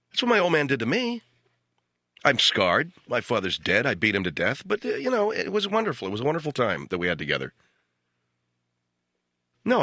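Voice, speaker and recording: A middle-aged man hosting a radio comedy show, delivering a deadpan ranting monologue that jumps into shouted quoted voices. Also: a little high, dry recording, clean studio sound. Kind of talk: comic monologue. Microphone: studio radio mic.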